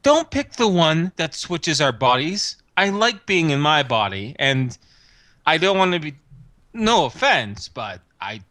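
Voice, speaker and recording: A man's voice: fairly high pitch, big pitch swings, a little slow, pushed and bright, no room sound, full character voice. A man voicing a flustered male adventurer in a tabletop game, pleading and exasperated.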